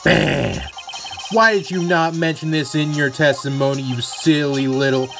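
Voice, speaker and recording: A man voicing a brash young male defense lawyer who presses witnesses with loud exclamations. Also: fairly high pitch, unhurried. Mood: pressing. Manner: punchy, exclaiming. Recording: music playing behind.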